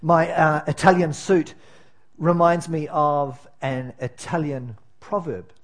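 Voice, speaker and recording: A man's voice: a little high, fairly even intonation, slow. A man preaching as pastor in a church, conversational and self-deprecating, with many fillers and restarts. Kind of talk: sermon.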